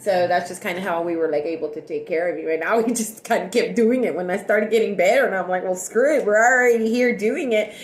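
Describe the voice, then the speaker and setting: A woman vlogger chatting casually with her viewers, talking fast and loud with restless, excitable energy. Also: mid-range voice, roomy sound, rough recording. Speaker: live-stream vlogger. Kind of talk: casual rambling chat with viewers.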